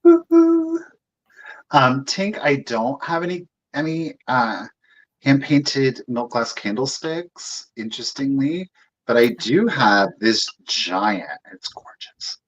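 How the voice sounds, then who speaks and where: A live-sale co-host who counts down bids at an unhurried pace and thanks each buyer by name. The pitch moves a lot, rising and falling. The sound is dull and lo-fi. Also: expressive, fairly bright tone. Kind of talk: live online sales chat.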